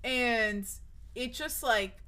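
Her voice is on the high side with a sharp tone and drawn-out words. The young woman chats casually with her stream audience, rambling nervously, restarting again and again, swearing, and cracking as she speaks.

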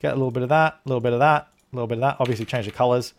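Man, from Australia, game streamer, live commentary, thinking aloud, mid-range pitch. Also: steady tone, very fast. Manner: rambling, thinking aloud while playing; thanks viewers for donations.

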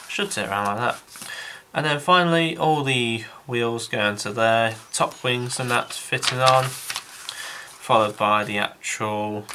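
A man's voice: medium pitch, pushed and bright, a little hiss or hum. A man giving a casual, rambling review of a model kit, thinking aloud with frequent restarts and calling his viewers guys.

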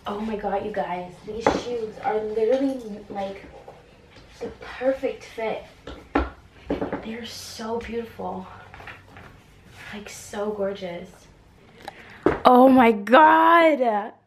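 A chatty young woman talks through an unboxing vlog at home, gushing over each item. She sits back from the camera in a roomy, echoey space. Steady household noise runs behind her voice. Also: medium pitch, slow pace, pauses often, far from the mic. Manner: chatty and gushing, lots of "like" and "oh my god". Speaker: beauty vlogger. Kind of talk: casual vlog chat while unboxing.

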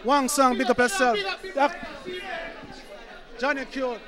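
High-voiced Jamaican man shouting out names. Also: flat delivery, takes it slowly. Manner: shouted name-by-name shout-outs. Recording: noisy crowd at a party.

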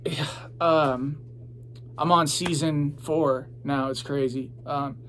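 A man's voice: fairly high pitch, fairly even intonation, slow pace, fairly bright tone. Laid-back rambling guy, slight hum. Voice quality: rambling, laid-back, swears freely, many fillers. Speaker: podcast host and rapper. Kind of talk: casual chat.

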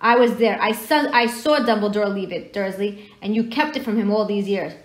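A woman reading aloud and voicing a huge, gruff, jolly man with a rough rustic dialect and a quick temper, raised in pitch. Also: expressive, close to an everyday voice. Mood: furious.

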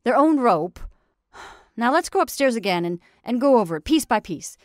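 A woman voicing a brisk, condescending male county attorney in a read-aloud story. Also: on the high side, sing-song, no room sound, studio quality, pitched above the performer's own voice. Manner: tolerant, brisk, dismissive.

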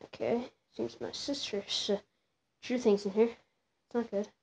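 A woman's voice: fairly high pitch, fairly even intonation, a little slow, creaky, a little hiss or hum. A young woman vlogging out of boredom, rambling and muttering to herself before reading out her own raps. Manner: rambling, fidgety, muttering asides. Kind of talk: bored casual vlog with rapping.

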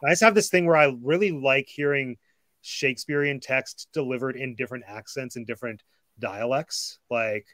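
A man's voice: mid-range voice, normal speed, a bit bright, dry recording. A man hosting a casual discussion, talking enthusiastically and gushing with frequent fillers. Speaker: host.

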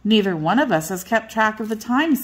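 A woman's voice: fairly high pitch, animated, fairly quick. An older woman voicing two motherly old hens who patiently explain how eggs hatch.

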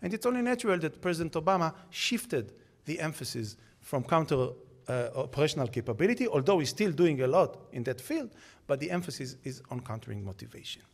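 High-voiced man lecturing emphatically. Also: sing-song, a little fast. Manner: emphatic, lecturing, with rhetorical questions. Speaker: panel speaker. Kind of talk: conference panel talk.

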